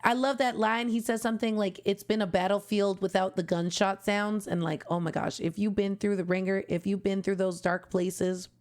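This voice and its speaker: A woman's voice: mid-range voice, fairly even intonation, moderate pace, hardly any pauses, darkish tone. A young woman streamer reacting to an album, talking in a heartfelt, gushing way that turns tearful at times. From Canada. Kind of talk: emotional casual reaction commentary.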